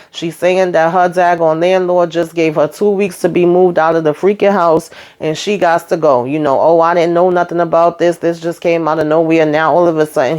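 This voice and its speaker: A woman's voice: lowish voice, darkish tone. A woman hosting a casual show recap, chatty and full of asides, retelling scenes by quoting what people said.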